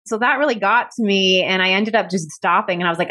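A podcast guest tells a personal story in a mid-range, bright, forceful voice, speaking briskly with hardly any pauses. She's candid and reflective, leaning heavily on "like" as a filler. Her voice turns emotional and at times she sounds close to tears.

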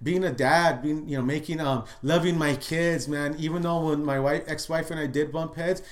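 A middle-aged man, a guest in a casual interview, tells stories in a loose, chatty way, full of "dude" and "you know what I mean". He acts out the lines he quotes, swinging between loud and soft. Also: a little high, fairly even intonation, normal speed. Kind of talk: casual storytelling chat.

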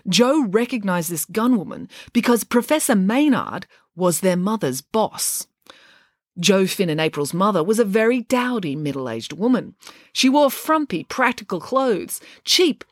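A woman reading a children's story aloud with a wry, expressive delivery. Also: mid-range voice, unhurried, dry recording, studio quality. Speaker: narrator.

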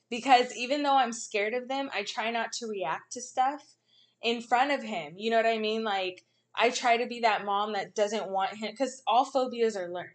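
A woman in her thirties, a mother, telling animated stories in casual chat with frequent laughs. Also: a little high.

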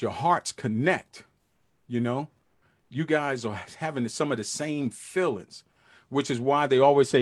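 In a studio-quality recording with no echo, a middle-aged livestream host talks to his audience in a mid-range voice. His manner is earnest yet casual, full of loose street slang and filler words.

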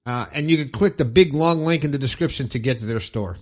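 A man's voice: mid-range voice, fairly quick, a little mellow. A man hosting his podcast, chatting casually and upbeat, rambling a little and chuckling at his own jokes. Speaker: podcast host. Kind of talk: casual podcast chat with ad reads.

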